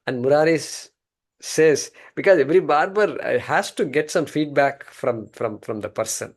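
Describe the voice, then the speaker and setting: Man, teacher, animated storytelling, fairly high voice. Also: moderate pace. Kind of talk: storytelling in a scripture class.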